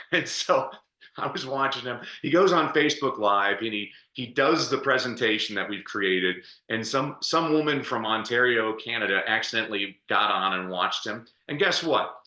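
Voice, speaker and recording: A man telling stories as a guest on a business podcast, energetic and chatty, laughing often. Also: mid-range voice, moderate pace, reverberant. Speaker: podcast guest, speaker and coach. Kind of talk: storytelling interview answer.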